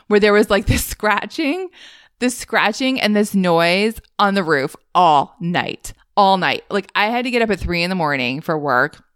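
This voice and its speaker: A young adult woman hosting a podcast, telling her own stories in a casual, animated way with frequent laughs. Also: smooth, no room sound, studio quality. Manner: animated, laughs often, rises high when retelling panic. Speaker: podcast host. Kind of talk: casual storytelling monologue.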